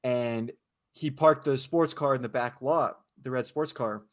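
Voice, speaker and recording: A man's voice: mid-range voice, unhurried. A man co-hosting a podcast in casual chat, rambling through a story with many restarts and "you know"s. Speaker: podcast co-host.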